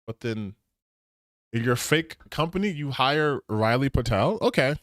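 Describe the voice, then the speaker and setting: A man's voice: mid-range voice, expressive, unhurried, a bit bright, dry recording, studio quality. A man streaming casual reaction commentary, sarcastic and incredulous, repeating his points for emphasis.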